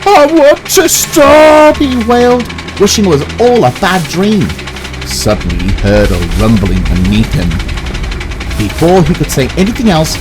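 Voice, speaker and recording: Male narrator, mid voice, animated intonation, music bed underneath. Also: mid-range voice, poor audio. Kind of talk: amateur storybook narration. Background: background music.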